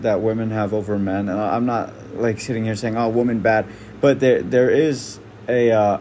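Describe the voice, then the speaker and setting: A man's voice: medium pitch, a little mellow, slight background noise. A man doing casual reaction commentary, blunt and slangy, swearing freely. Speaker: online commentator.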